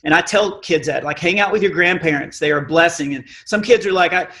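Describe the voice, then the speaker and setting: A middle-aged man with a naturally high voice telling a self-mocking comic story on stage, acting out the dialogue. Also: brisk, pushed and bright. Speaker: Christian comedian. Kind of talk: stand-up storytelling. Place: live event stage.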